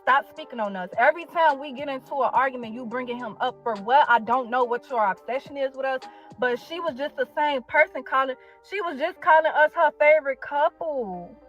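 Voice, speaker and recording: Young chicago woman, high voice, fed up, cussing, repeating herself, kinda muffled with quiet music under. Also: a little fast. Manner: blunt, profane, exasperated, repeats herself for emphasis. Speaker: content creator telling her side of a feud. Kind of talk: heated storytime rant.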